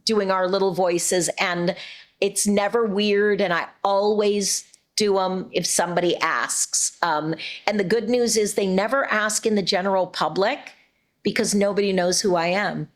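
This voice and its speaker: A middle-aged woman voice actress chatting as an interview guest, warm and rambling with frequent restarts. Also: mid-range voice, fairly even intonation, measured pace. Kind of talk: casual interview chat.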